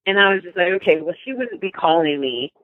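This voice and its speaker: A young woman telling a story in a casual interview, animated and emotional, with many restarts and laughs. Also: lowish voice, quick pace, no echo. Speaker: guest. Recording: dry, tinny phone-like line.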